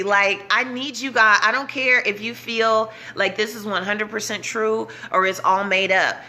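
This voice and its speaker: Woman, vlogger, bright and forceful, urgent, repetitive, preaching to her audience. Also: fairly high pitch. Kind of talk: impassioned direct-to-camera talk.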